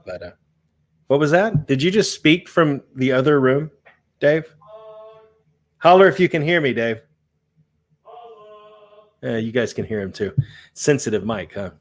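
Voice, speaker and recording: A man's voice: mid-range voice, lively intonation, unhurried, pauses often. A man co-hosting a podcast, chatting casually and laughing often, addressing viewers directly. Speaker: podcast co-host. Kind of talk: casual chat.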